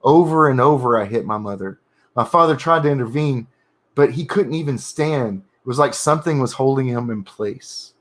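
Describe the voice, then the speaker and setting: A man reads through his own dark horror draft on a writing stream, in halting bursts with frequent self-corrections. He stops to rephrase lines and mutter small remarks about the text. His voice sits at a middle pitch. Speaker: writer streaming his editing.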